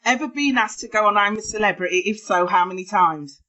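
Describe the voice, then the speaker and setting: A woman's voice: mid-range voice, fairly quick, sharp tone. A woman co-hosting a podcast, teasing her guest with questions and laughing often. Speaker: podcast co-host. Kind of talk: casual chat. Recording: dull lo-fi recording.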